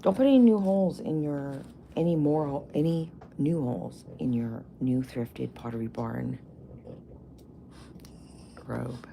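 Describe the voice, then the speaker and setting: A woman's voice: very deep voice, a little slow, gravelly, mellow, slight background noise. A woman in her forties chatting casually and profanely to camera as a vlogger, full of jokey asides. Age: 40s.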